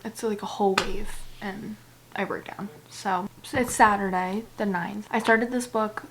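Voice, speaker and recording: A young woman talking casually to camera in a personal vlog, soft and halting, often dropping to a near whisper and close to tears. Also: mid-range voice, steady tone, slight background noise. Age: young adult. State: tearful. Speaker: book vlogger.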